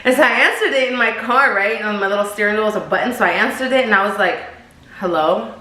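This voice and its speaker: A young woman spins a casual storytime, slangy and chatty, calling her viewers "y'all". Her voice sits at an ordinary pitch. The room gives it a noticeable echo. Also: racing, sharp tone. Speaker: vlogger. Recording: roomy echo.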